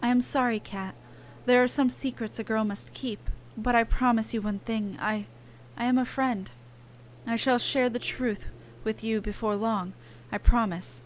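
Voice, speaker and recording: An actress voicing a mysterious, earnest young woman in a video game cutscene, speaking in a halting, pleading way. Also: on the high side, fairly even intonation, slight background noise, lightly acted. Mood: urgent pleading. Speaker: game character.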